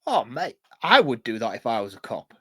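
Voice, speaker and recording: A man co-hosting a casual film review podcast, blunt and expressive, swearing freely. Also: mid-range voice, a little fast, husky, dry recording, studio quality. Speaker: podcast co-host.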